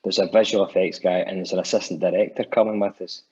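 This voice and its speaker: A Scottish musician appearing as a podcast guest tells a rambling anecdote, acting out what people said and restarting often. His voice is deep and breathy, he talks quickly, and the sound is lo-fi.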